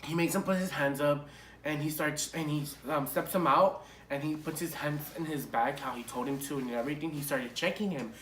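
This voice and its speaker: A young man telling a casual storytime vlog in an animated, profane way, full of fillers. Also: a little high, a little fast. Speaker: vlogger. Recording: echoey room with faint hiss.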